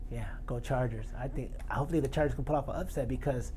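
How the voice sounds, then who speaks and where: A man's voice: mid-range voice, fast, dark tone, slight background noise. A man hosting a casual sports podcast, chatting loosely. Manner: chatty, reads sponsor plugs, chants. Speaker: podcast host.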